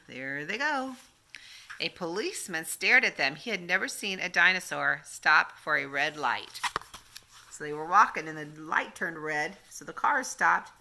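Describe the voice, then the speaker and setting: Animated grandmother reading a picture book. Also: lowish voice, creaky. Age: older. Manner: animated, asks the child questions.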